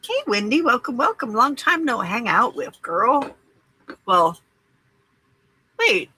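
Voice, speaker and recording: A woman hosts a cozy late-night crafting stream from her home craft room. Her voice is bright with a breathy, husky edge. She chats casually, welcomes viewers by name and pokes fun at herself. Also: a little high, sing-song, slow pace, long pauses, no echo, poor audio. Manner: chatty, greets viewers by name, self-deprecating. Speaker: livestream craft host.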